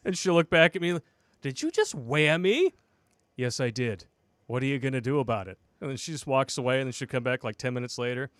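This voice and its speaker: A man's voice: medium pitch, a little fast, fairly bright tone, clear, resonant tone, dry recording. Wry man with dry asides. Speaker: podcast co-host. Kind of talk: casual talk show banter.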